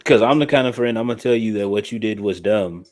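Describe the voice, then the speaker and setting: Male podcast host, lowish voice, blunt and slangy, casual talk full of restarts. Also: quick pace, darkish tone. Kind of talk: casual chat.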